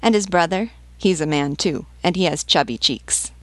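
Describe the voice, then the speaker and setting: A woman reading the part of a sturdy army canteen-keeper who speaks briskly yet gently. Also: lowish voice, no echo, natural voice. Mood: kindly. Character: sturdy female army canteen-keeper, soldierly but kind.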